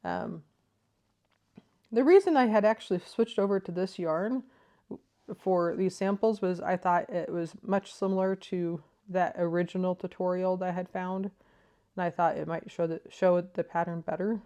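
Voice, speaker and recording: In her living room, a crochet vlogger with a lowish voice explains things at a normal speed and in a steady tone. She comes across as thoughtful and enthusiastic, soft-spoken, with frequent ums.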